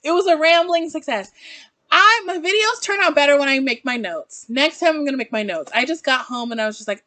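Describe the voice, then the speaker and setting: Woman, young adult, fairly high voice, chatty, rambling, self-mocking, dry close sound. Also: expressive, a little fast, pushed and bright, no echo. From American South. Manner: rambling, chatty, laughs at herself. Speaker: book reviewer. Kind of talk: casual book-review vlog.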